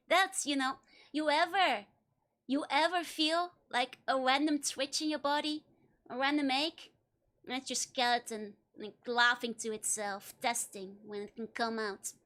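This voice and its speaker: A woman's voice: high-pitched, steady tone, measured pace, a bit bright. A woman with a Dutch accent chatting playfully with her livestream viewers, giggling often between lines. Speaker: virtual streamer. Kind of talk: casual livestream chat with viewers.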